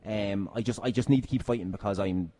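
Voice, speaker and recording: A man's voice: on the low side, fast talker, mellow. A man chatting as a guest on a podcast, swearing freely and acting out his own reactions to scenes. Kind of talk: casual chat.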